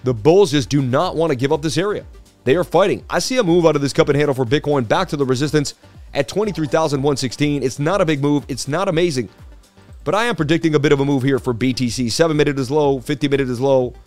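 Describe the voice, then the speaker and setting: A man's voice: a little high, fast talker, darkish tone, soft background music. A middle-aged man hosting a casual crypto live stream, chatty, with a sports-presenter delivery. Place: traveling.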